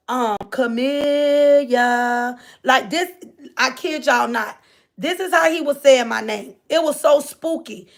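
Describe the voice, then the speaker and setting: A woman telling her viewers a story in a loose, rambling way. Her voice sits high and has a rough, gravelly fry running through it. She repeats phrases and keeps turning to speak straight to her listeners. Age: adult. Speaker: livestreamer reading viewer comments.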